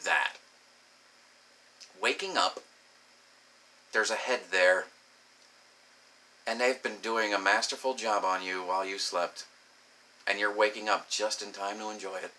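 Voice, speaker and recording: A young man telling a crude comic story, profane and animated, acting out the voices in his quotes. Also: on the low side, measured pace, long pauses. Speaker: comedic storyteller. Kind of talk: crude comedic monologue.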